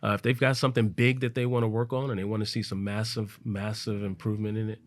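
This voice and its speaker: A man's voice: little pitch movement, quick pace. A man, a podcast guest telling a personal story in an earnest, casual way. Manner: earnest, acts out quoted voices, low and soft at emotional points. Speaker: podcast guest, business coach.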